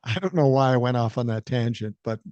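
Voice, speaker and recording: A man's voice: mid-range voice, darkish tone, no room sound. An older man with a Minnesotan accent hosting a solo podcast, telling a profane story and acting out the quotes. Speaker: podcast host. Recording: dry, slightly dull podcast mic.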